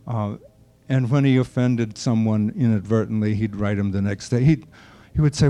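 Being interviewed, this older man reminisces with anecdotes about an old friend, acting out each quoted remark. His lowish voice is warm, and he keeps a moderate pace with few pauses.

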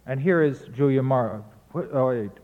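A man's voice: medium pitch, measured pace. A man lecturing on verse, explaining rhythm and chanting the beats aloud to demonstrate. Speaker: literature lecturer. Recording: tinny phone-like sound in a reverberant hall.

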